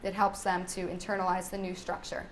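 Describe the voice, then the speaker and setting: A woman's voice: on the low side, completely flat delivery, fairly quick, a little hiss or hum. A young adult woman, a speech-language pathologist, leading a parenting workshop in a conversational way, often asking "right?" and modeling child talk in a lilting singsong. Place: workshop room.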